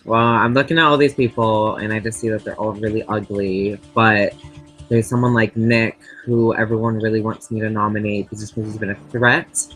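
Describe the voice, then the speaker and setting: A man's voice: on the low side, flat delivery, normal speed, a bit bright, faint music behind, rough recording. A man in a game confessional, weighing whom to nominate in a dry, deliberating way. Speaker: online reality game player.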